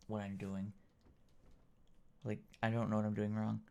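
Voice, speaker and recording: A man's voice: fairly low pitch, level tone, normal speed, creaky, clear, resonant tone. A man streaming a horror game, rambling and hesitant in casual commentary. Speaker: gaming streamer. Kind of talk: casual let's-play commentary.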